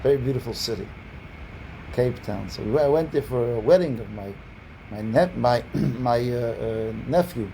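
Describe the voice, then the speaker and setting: A man's voice: mid-range voice, normal speed, mellow, slight background noise, poor audio. A man teaching as a rabbi over a video call, telling a story in a rambling way, repeating words and restarting often. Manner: lifts his voice when quoting people. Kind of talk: storytelling lesson. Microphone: online video call.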